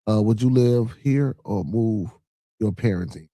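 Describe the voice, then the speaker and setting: A man with a Chicago accent talks in a lowish, mellow voice, hosting a casual podcast. He rambles loosely, swears freely and leans on "you know what I'm saying." The sound is dry and close, with no room around it. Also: unhurried, no echo. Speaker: podcast host. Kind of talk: casual podcast chat reacting to news and live comments.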